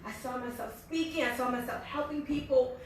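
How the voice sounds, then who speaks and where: A middle-aged American woman giving an earnest, fast-paced motivational speech at a business meeting. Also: sits high, fairly even intonation, slight background noise. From United States. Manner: fast-talking, earnest and faith-filled. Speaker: network marketing leader and speaker. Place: large echoey meeting hall. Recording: echoey hall from far off.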